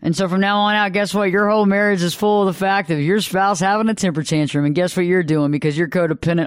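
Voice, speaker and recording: On a live radio advice show, a male host with a high, smooth, resonant voice lectures emphatically and repeats points for effect. His tone stays steady as he talks fast with few pauses. The recording is dry and close, with almost no room echo.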